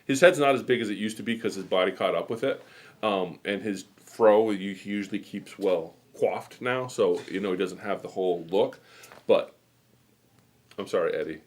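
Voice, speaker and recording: A low-voiced middle-aged man from New England rambles his way through a casual live show. He chats loosely and keeps drifting off into stories. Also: moderate pace. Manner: rambling, chatty storytelling. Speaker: host. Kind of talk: casual chat.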